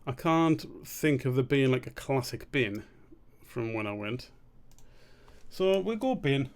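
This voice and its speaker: A man's voice: mid-range voice, animated, measured pace, clear, resonant tone. Man muttering while drawing live. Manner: rambling and muttering to himself, swearing freely. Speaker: cartoonist streaming a drawing session. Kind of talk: casual live-stream commentary while drawing.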